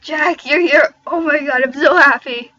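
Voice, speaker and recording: A young woman voicing an excitable, friendly young man who gushes loudly. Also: a little high, moderate pace, lo-fi sound, natural voice. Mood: excited.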